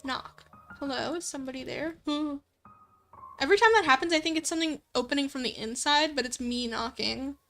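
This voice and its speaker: Young woman streamer, high voice, chatty giggly, faint music behind. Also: normal speed, a bit bright. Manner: chatty, giggly, thinking aloud. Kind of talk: casual let's play commentary.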